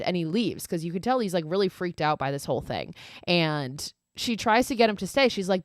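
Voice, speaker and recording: A woman's voice: lowish voice, lively intonation, normal speed, dry recording, studio quality. A young woman hosting a podcast, casually retelling a horror film's plot in a chatty style full of fillers and quoted lines. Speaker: podcast host. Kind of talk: casual film recap.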